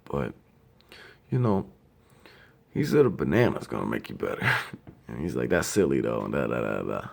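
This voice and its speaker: Brief: man in his thirties, very low gravelly voice, lively swings in pitch, blunt profane storyteller. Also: normal speed, long pauses. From Ohio. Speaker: grieving older brother. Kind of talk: personal tribute monologue.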